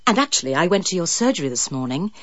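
Woman voicing a tentative friendly lady, lively low voice, dry dull sound. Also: quick pace, dry recording.

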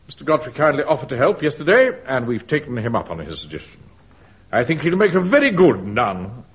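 An actor playing a pompous, easily flustered middle-aged captain in a radio comedy, giving clipped orders. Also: male voice, medium pitch, big pitch swings, brisk, close to an everyday voice. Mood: commanding. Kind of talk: radio sitcom acting. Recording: dull, hissy old radio broadcast.

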